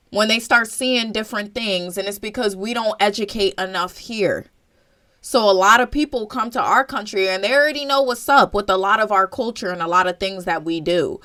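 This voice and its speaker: Blunt, animated young American woman. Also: medium pitch, normal speed. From United States. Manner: blunt, animated, swears casually. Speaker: show host. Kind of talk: opinionated commentary monologue.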